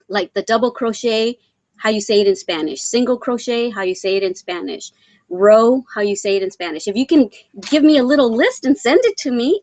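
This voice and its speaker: Middle-aged woman from Texas, live-stream host, chatty with ums and throat clearing, close dry mic. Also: a little high, no room sound. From San Antonio, Texas. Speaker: crochet channel host reading live chat. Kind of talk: casual live-stream chat.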